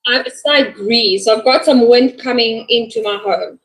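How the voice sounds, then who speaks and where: Woman, English teacher, high voice, encouraging, video call. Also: moderate pace, low-quality recording. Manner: encouraging, prompting and praising. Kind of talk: online lesson.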